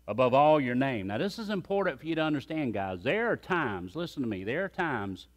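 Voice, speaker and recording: A man preaching a sermon as pastor, emphatic and calling on the congregation to repeat phrases after him. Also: medium pitch.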